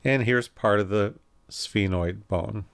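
A man giving a recorded anatomy lecture, calmly explaining and pointing through slides with occasional self-corrections. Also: lowish voice, takes it slowly, gravelly. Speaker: anatomy instructor.

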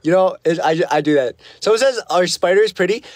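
A man's voice: high voice, fairly quick, dry recording. A man hosting a casual livestream, reading comments aloud and rambling with many fillers, from a small foam-lined practice room. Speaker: livestream host. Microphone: phone livestream.

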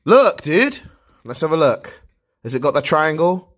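A man's voice: fairly high pitch, moderate pace. A man livestreaming, ranting in exasperation about his internet, swearing constantly and repeating himself. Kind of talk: frustrated livestream rant.

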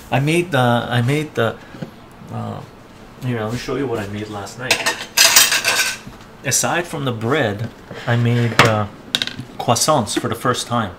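A man's voice: mid-range voice, slow pace, pauses often, heavy background noise. Rambling, ranting male live-streamer. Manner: ranting, rambling, keeps tagging "right?". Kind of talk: casual live-stream chat.

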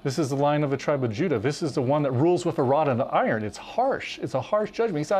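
A man's voice: on the high side, animated, fast, a little mellow. A man co-hosting a Bible teaching show, explaining scripture in an earnest, emphatic way. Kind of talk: teaching conversation, preaching.

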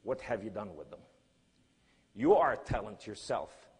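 A man preaching a sermon and telling a story in emphatic, non-native English, swinging between loud cries and hushed lines. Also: fairly low pitch, expressive, normal speed, breathy edge, in a large hall.

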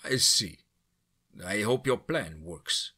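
A man voicing a tired man with a thick Slavic accent who speaks slowly. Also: fairly low pitch, expressive, bright, forceful tone, husky, heavily acted. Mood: weary.

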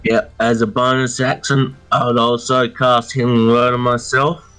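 A man playing an online tabletop game, deliberately declaring the actions he takes on his turn. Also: mid-range voice, level tone, pushed and bright, smooth, soft background music, poor audio. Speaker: player. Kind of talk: casual tabletop game talk.

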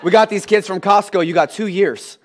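A man in his thirties preaching a sermon in church, animated and comic as he acts out scenes with his kids. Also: high-pitched, fairly quick. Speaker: pastor.

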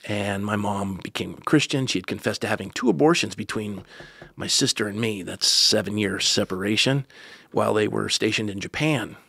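A pastor, telling a personal story as a podcast guest, earnest with joking asides. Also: male voice, lowish voice, moderate pace, creaky, pushed and bright, husky, no room sound, clean studio sound. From United States.

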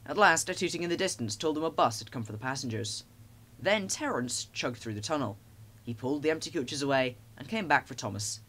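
A man narrating a children's storybook with a lively, expressive reading. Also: mid-range voice, fairly quick.

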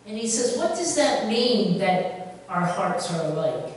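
A woman pastor giving a conversational sermon, lively and full of rhetorical questions. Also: medium pitch, measured pace. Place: church sanctuary. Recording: echoey church hall from far off.

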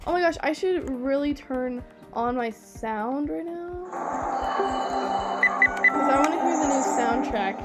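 A woman's voice: high-pitched, unhurried, pauses often, fairly bright tone, faint music behind. A young woman commenting casually on her gameplay, chatty and giggly, talking to her viewers. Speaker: gaming video creator.

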